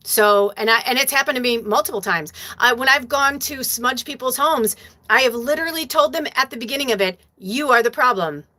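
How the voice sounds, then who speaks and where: Sitting high, bright and forceful, this woman's voice runs a little fast. As a medium hosting a spiritual livestream, she reads out viewer comments and speaks casually, emotionally and profanely, now and then in tears.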